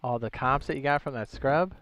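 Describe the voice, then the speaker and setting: A man's voice: mid-range voice, brisk, fairly bright tone, slight background noise. A young man casually chatting on a gaming livestream, thinking aloud as he builds and greets viewers. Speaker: streamer.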